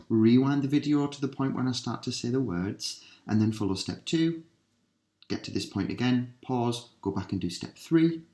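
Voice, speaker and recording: A male teacher giving a recorded listening lesson, reading out vocabulary slowly and clearly with patient instructions. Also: medium pitch, mellow, echoey room. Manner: slow, clearly spaced word drills with patient instructions.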